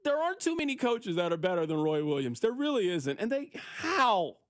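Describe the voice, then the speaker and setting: A man hosting a sports radio show, talking in an animated, mock-exasperated way and often repeating himself. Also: high-pitched, a little fast, dry recording, clean studio sound.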